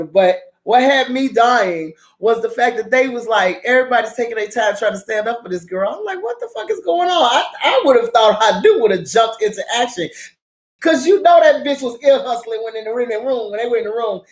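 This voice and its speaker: Woman, slightly high voice, loud, profane, laughing drama-recap host. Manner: profane, animated, laughs often. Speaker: drama review vlogger. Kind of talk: casual drama recap rant.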